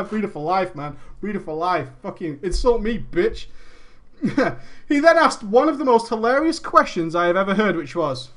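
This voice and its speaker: Brief: high-pitched male streamer, reads a story aloud, laughing, mocking asides. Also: lively intonation, moderate pace, fairly bright tone. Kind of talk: reading a story aloud with commentary.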